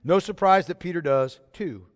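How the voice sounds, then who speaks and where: A man preaching a sermon, emphatic and full of rhetorical questions, pausing to ask the congregation to follow along. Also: a little high, in a large hall. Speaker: pastor.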